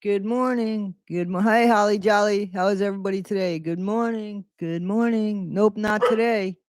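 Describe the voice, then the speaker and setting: A man's voice: high-pitched, fairly even intonation, normal speed, dry recording, studio quality. A man hosting a casual morning livestream, greeting viewers by name in a loose, rambling way. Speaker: livestream host.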